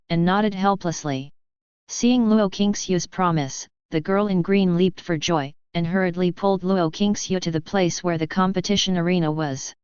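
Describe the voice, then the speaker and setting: A woman narrating a fantasy audiobook in an even, unhurried reading voice. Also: on the low side, clean tone, no room sound. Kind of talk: scripted narration. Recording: dry, dull lo-fi audio.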